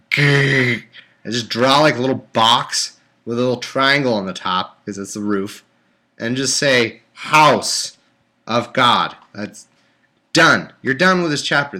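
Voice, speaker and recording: A man's voice: mid-range voice, bright, forceful tone. A man live-streaming from home, reading scripture aloud and breaking off into exasperated, sarcastic rants. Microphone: webcam or desktop mic.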